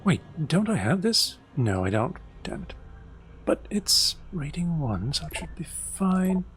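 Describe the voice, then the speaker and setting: A man's voice: fairly high pitch, sing-song, measured pace, soft background music. A man giving casual gameplay commentary, thinking aloud with a wry, muttering manner. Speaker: let's play host.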